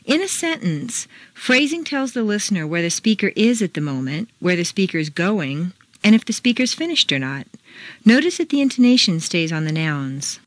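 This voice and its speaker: A pronunciation teacher leads a scripted accent-training lesson in a medium-pitched, sing-song voice with a bouncy, melodic delivery. She reads the drills slowly and deliberately, exaggerating her intonation. The booth sound is completely dry, with no echo.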